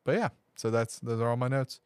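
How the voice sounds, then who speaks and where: Male podcast host, mid-pitched voice, dry close sound, rambling casual read of his notes. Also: a little fast, smooth, no echo. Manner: rambling, reads cast notes with fillers and restarts. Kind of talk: casual movie podcast chat.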